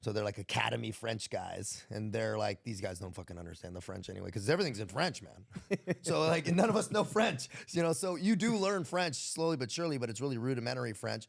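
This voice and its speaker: Gravelly, laid-back American man telling stories. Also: medium pitch, expressive, brisk. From United States. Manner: laid-back, profane, laughs through his stories. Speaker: guest, military veteran. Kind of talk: casual podcast storytelling.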